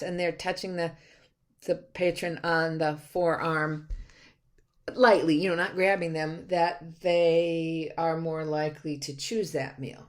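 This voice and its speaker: A middle-aged woman from Connecticut teaches a recorded college class. She talks in a loose, chatty way, full of fillers and quick restarts. Her voice sits a little on the low side. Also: fairly even intonation. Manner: chatty, self-correcting, many fillers and restarts. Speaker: college instructor. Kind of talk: recorded lecture.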